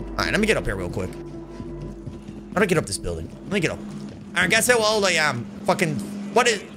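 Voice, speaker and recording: A high, lively British man calling out his game as he plays, jumping from trash talk to whoops. Music runs clearly under his voice throughout. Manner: excitable, yelling and laughing, taunting opponents. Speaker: streamer. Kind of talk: live gameplay commentary.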